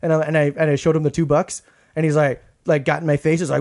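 Gravelly man telling rambling stories. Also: a little high, fairly even intonation, very fast, darkish tone. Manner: rambling storyteller, acts out quoted voices. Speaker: podcast co-host. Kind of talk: casual comedy chat.

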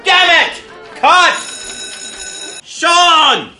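A man playing an exasperated male film director who yells orders on set. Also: very high voice, very animated, takes it slowly, soft background music, heavily acted. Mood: furious. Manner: yelling orders.

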